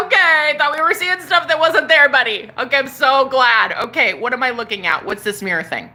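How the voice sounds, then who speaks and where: A woman telling a story casually on a vlog, excitable and profane, talking outdoors on a porch. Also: high voice, normal speed. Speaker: spiritual vlogger.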